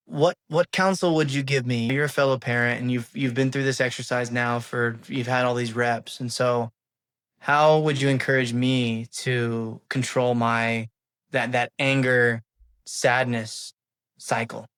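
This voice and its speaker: A man's voice: mid-range voice, fairly even intonation, measured pace, fairly bright tone, clear, resonant tone, no room sound. A middle-aged man hosting a podcast, talking candidly and a little rambling, with a self-deprecating manner. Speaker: podcast host. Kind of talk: casual interview chat.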